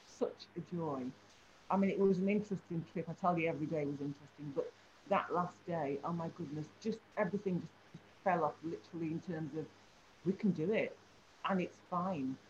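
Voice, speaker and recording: A woman tells a story from her teaching work, full of life and acting out each person she describes. Her voice sits at a middle pitch. The recording is a little dull, with a faint hum behind her. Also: brisk. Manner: animated storytelling, acts out the people she describes. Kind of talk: anecdote in an interview.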